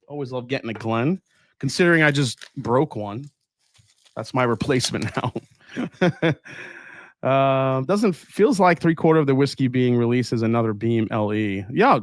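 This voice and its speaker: A man's voice: medium pitch, expressive, measured pace, dry recording, studio quality. A man hosting a casual live stream, unboxing bottles and answering chat as he thinks aloud with fillers and restarts.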